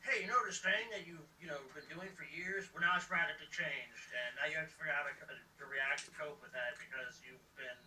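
A man's voice: on the high side, bright, forceful tone, reverberant, distant mic, slight background noise, rough recording. A man co-hosting a podcast in casual chat, swearing and restarting his sentences. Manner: profane, halting, casual. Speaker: podcast co-host.

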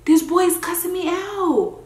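A young woman vlogging after pulling a prank, cussing and giggling, moving between whispers and excited boasting. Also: very high-pitched, slow, roomy sound. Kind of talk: casual vlog chat. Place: indoors at home.

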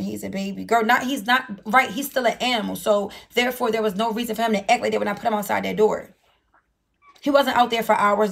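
Woman livestream host, blunt ranting talk, slightly high gravelly voice. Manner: blunt, ranting, swears a lot. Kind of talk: casual livestream chat.

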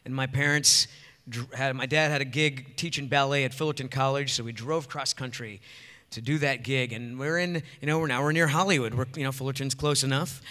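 A man's voice: mid-range voice, brisk. A man in his forties from Rhode Island, a voice actor on a convention panel, telling stories with enthusiasm. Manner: enthusiastic, animated storyteller. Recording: reverberant hall through PA.

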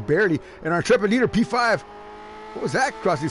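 A man giving casual, joking commentary on an online sim race, excitable and quick to laugh. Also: high voice, soft background music. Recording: noisy background.

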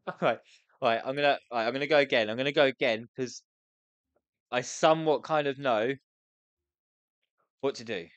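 A woman's voice: extremely low pitch, moderate pace, long pauses, no room sound, faint music behind. A woman commentating her own gameplay as a let's play, stressed and flustered, ranting and swearing at the game in exasperation. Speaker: gamer playing a restaurant sim.

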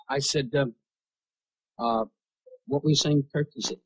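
A man doing a roast on stage, with brash, rapid-fire insult humor and sudden shouted punchlines. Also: on the high side, expressive, vocal fry, breathy edge, poor audio. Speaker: roast comedian. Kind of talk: stand-up roast routine.

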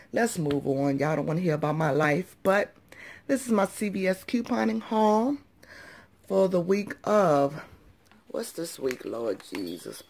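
A woman with a groggy, just-woken-up voice chats through a casual couponing haul vlog, her pitch sitting a little low. She talks straight to her viewers, calling them y'all and subbies, in an easy running patter. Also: a little mellow, slight background noise. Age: adult parent of young children. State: groggy early-morning voice. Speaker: couponing vlogger.

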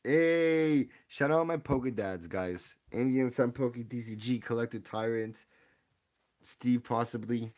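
A young man streaming live as he opens card packs, chatting casually and rambling excitedly as he gives shout-outs to viewers. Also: medium pitch, measured pace. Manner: excitable, rambling, hypes up the audience.

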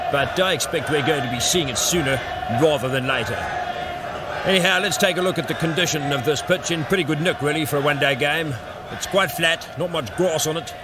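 Man impersonating a loud pitch reporter over crowd. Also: close to an everyday voice. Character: impression of a brash male cricket pitch reporter, outdoors. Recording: loud crowd and noise outdoors.

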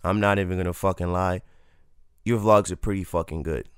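A man's voice: sits low, fairly even intonation, fairly quick, smooth, no echo, studio quality. A man hosting a reaction video, talking casually with constant swearing and street slang. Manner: loose, swearing, slangy, laughs at the track. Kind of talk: casual profane reaction commentary.

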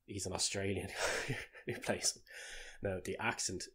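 Deep husky man chatting. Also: steady tone, measured pace, a bit bright. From Ireland. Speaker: podcast co-host. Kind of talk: casual chat.

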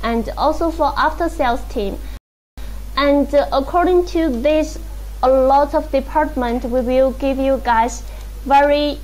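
A woman with a Chinese accent hosting a live-stream sales presentation in English, halting and repeating her greetings. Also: sits high, darkish tone, low-quality recording. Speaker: livestream sales host.

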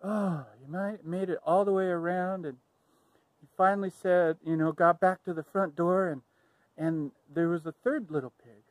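A man tells a playful, improvised fairy-tale retelling, rambling a little and catching himself mid-sentence. His voice sits a touch high for a man, with a dry, close sound. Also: fairly even intonation, normal speed, dry recording, poor audio. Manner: rambling, playful, self-correcting. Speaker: storyteller. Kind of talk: improvised storytelling.

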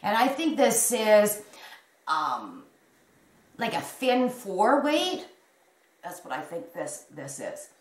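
A woman's voice: medium pitch, big pitch swings, slow, long pauses. Chatty rambling woman in an echoey room. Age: 50s. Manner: rambling, chatty, restarts and giggles. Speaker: crochet vlogger. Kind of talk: casual show-and-tell chat. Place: home room.

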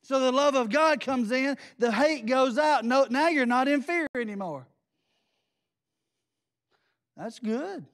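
A man preaching as pastor in a church, intense, blunt and folksy, with grandma sayings and quick asides. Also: extremely high pitch, lively intonation, fairly bright tone. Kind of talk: sermon.

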